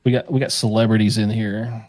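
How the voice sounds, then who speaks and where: A man's voice: fairly low pitch, level tone, brisk, a little mellow, dry recording, soft background music. A man co-hosting a casual live bourbon stream, loose and jokey with a lot of swearing. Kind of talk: casual livestream chat.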